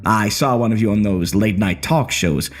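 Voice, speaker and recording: A man's voice: fairly low pitch, moderate pace, faint music behind, lightly acted. A man voicing a bitter, sneering male gunman who taunts his hostages in a horror story narration. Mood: mocking. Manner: mocking, swaggering taunts.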